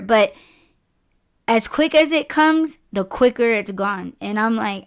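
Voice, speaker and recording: A woman's voice: on the high side, a little slow. A woman hosting a podcast, chatting candidly and expressively, swearing freely as she rambles. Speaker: podcast host. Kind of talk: casual podcast chat.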